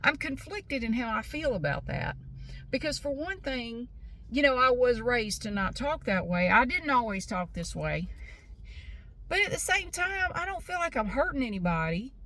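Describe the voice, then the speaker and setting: A woman's voice: fairly high pitch, lively intonation, normal speed, a bit bright. A frank, chatty woman in her fifties from the American South, with a Southern accent, rambling through a casual vlog. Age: 50s. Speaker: vlogger.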